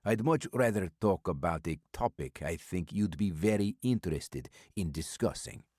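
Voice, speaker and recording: A man voicing a burly, cagey older foreign businessman with a thick, clipped Eastern European accent, speaking slowly and deliberately. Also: low-pitched, lively intonation, warm tone, dry recording, clean studio sound. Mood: cagey, insistent. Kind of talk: audiobook character voice.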